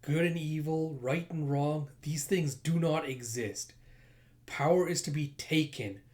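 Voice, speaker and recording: A man reading aloud as a cruel female witch queen villain, slow and contemptuous. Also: fairly high pitch, a little mellow, natural voice. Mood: cold, scornful. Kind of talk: comic book read-aloud.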